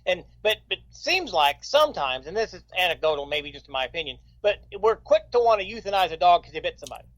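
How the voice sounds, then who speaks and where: A man's voice: high voice, very animated, fairly bright tone, dry recording, low-quality recording. Hedging man, dry sound. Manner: halting, hedging, with restarts. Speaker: guest, coroner. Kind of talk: casual chat.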